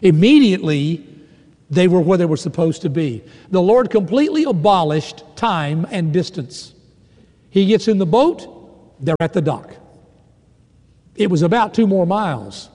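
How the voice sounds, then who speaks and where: Man preaching, dramatic storyteller, high mellow voice, long hall reverb. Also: animated, a little slow. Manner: dramatic storytelling, swelling and dropping to hushed lines. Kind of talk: sermon.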